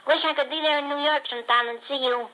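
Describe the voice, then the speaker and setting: A man's voice: extremely high pitch, fairly even intonation, fast, pushed and bright, pitched above the performer's own voice, rough recording. A man voicing a brash young fellow in a ventriloquist act, slangy and breezy. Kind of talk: ventriloquist character voice.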